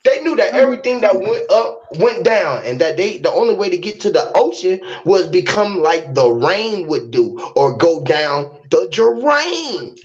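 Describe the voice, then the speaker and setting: A man's voice: high voice, big pitch swings, unhurried, few pauses, dull audio. A man hosting a casual chat, rambling and swearing freely as he spins long metaphors about fish. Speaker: host of an online talk room.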